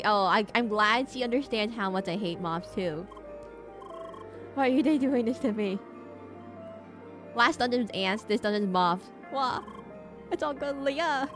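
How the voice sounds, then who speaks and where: A woman streaming a video game, chatting casually and ranting in a playful, overdramatic way, with faint game music under her voice. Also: on the high side. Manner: animated, playfully overdramatic rants. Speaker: VTuber streamer.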